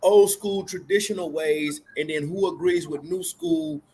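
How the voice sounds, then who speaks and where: A man's voice: sits high, big pitch swings, measured pace, creaky, warm tone, slight background noise. A man on a discussion panel who keeps steering the talk with repeated questions.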